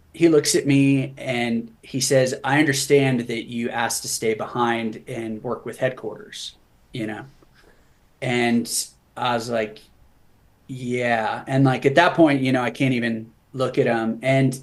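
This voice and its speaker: A man speaking as an interview guest, telling a personal story in a candid, earnest way with touches of humor. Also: mid-range voice. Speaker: guest, veteran author. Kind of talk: conversational storytelling.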